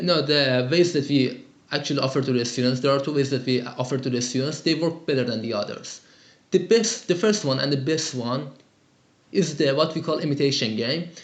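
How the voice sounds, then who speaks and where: Upbeat male English teacher, echoey room. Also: fairly high pitch. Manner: upbeat, chatty, frequent fillers. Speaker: English teacher answering student calls. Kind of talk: live lesson and call-in Q&A.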